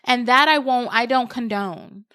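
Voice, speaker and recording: A young adult woman hosting a solo podcast, giving earnest parenting advice in casual talk that gets animated when she tells stories. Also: a little high, measured pace, clean tone, dry recording, studio quality. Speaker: podcast host.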